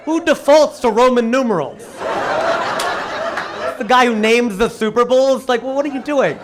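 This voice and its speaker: High-voiced man doing stand-up comedy. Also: normal speed, background noise. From Cincinnati, United States. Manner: animated, punchy joke delivery with rhetorical questions. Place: live comedy stage before an audience.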